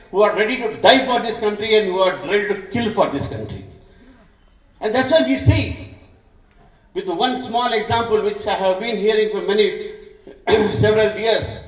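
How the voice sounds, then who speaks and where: A man with an Indian accent giving an impassioned political speech at a public meeting. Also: high voice. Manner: impassioned, declamatory. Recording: echoey hall, mic from far off.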